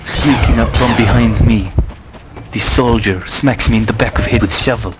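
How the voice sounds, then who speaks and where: A man telling a comic in-character story in deadpan broken English on a game server. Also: on the low side, normal speed. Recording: noisy voice-chat mic.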